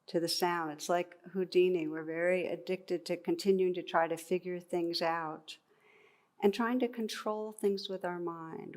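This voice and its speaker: A woman, a meditation teacher, giving a dharma talk in a reflective, gently humorous way. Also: on the low side.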